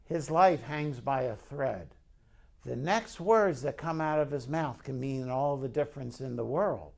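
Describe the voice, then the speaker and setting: A man's voice: medium pitch, measured pace, gravelly, a little mellow. A man preaching a conversational sermon as pastor, telling the story and putting questions to the congregation.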